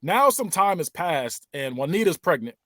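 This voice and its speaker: Male podcast host, animated storyteller, bright upper register, expressive swings. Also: fairly high pitch, normal speed, no room sound. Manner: animated storytelling, laughs often. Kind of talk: casual movie recap chat.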